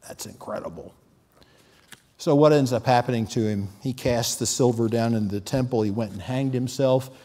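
A man's voice: medium pitch, a little fast, hardly any pauses, warm tone. A man preaching a sermon, earnest, with sudden emphatic peaks. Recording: long hall reverb.

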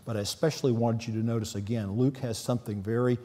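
A man's voice: mid-range voice, steady tone, quick pace, dark tone. A man preaching a sermon, earnest, with sudden emphatic peaks. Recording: long hall reverb.

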